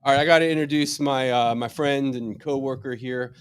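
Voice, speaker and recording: A middle-aged man leads a wellness workshop, chatting and joking with his audience and firing off rhetorical questions. He often repeats his first words before getting a sentence going. His voice sits at an ordinary pitch and sounds close and dry, with no room echo. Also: steady tone, fairly quick, smooth. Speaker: chiropractor leading a wellness workshop. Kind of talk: informal live workshop talk.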